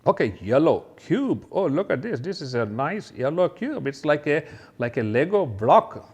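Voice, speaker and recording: A man teaching kindergarten children, talking straight to them about letters and toys in a slow, sing-song way and imitating sounds. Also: a little high, very animated, husky, highs cut off.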